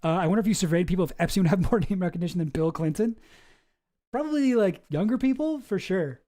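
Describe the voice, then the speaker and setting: A man's voice: high voice, animated, fast, dark tone. A man hosting a casual online show, thinking aloud in a hesitant, musing way as he reads through documents. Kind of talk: casual commentary while reading documents.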